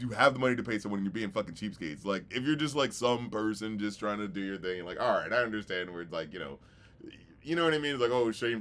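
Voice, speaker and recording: Rambling man reacting to music, lowish voice. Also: fairly bright tone. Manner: rambling, heavy on fillers and "you know what I mean", swears casually. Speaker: music reviewer hosting a listening stream. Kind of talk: casual reaction commentary.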